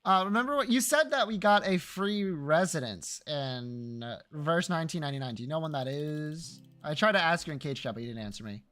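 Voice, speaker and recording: A man's voice: fairly high pitch, expressive, brisk, few pauses, fairly bright tone, soft background music. A man streaming live, chatting casually with his viewers, teasing and joking and swearing freely.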